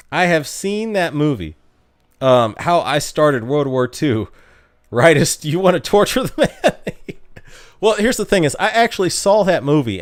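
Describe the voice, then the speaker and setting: A man streaming live, chatting casually with viewers, reading out their comments, laughing often and tripping over his words. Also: a little high.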